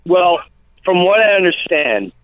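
Animated man on a tinny phone line. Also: high voice, a little slow, no echo. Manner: animated storytelling, acts out quotes. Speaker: comedian guest. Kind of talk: casual radio interview.

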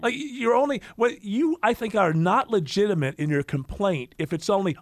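A man's voice: high-pitched, lively intonation, normal speed, hardly any pauses, no echo, clean studio sound. A man hosting a casual podcast chat, talking in a rambling way with many restarts. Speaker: podcast host.

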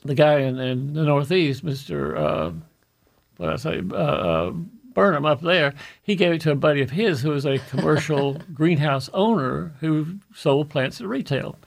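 A man hosts a radio garden show. He tells stories in a folksy way and puts on the voices of the people in them. His voice is gravelly and sits a little high for a man. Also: normal speed. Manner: folksy storyteller, acts out quoted people. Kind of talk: radio talk show chat.

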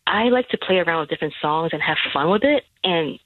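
A woman calling in to a radio show, talking in a hesitant, halting way with many restarts, heard over the phone. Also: lowish voice, expressive, a little hiss or hum. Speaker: radio caller. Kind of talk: phone-in chat. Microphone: telephone. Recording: tinny phone line.

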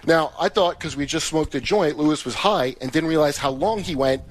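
A man's voice: a little high, brisk. A comedian defending his version of a story on a radio talk show, lecturing and defensive. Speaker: comedian guest. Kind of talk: heated argument on a radio show.

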